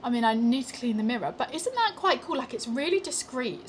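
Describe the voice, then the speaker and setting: British woman, young, casual vlog chat, slightly high voice, faint background hum. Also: expressive, a little fast, hardly any pauses. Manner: chatty, talks to the camera, self-deprecating asides. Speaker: vlogger. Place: indoors at home and walking outdoors. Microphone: small handheld gimbal camera.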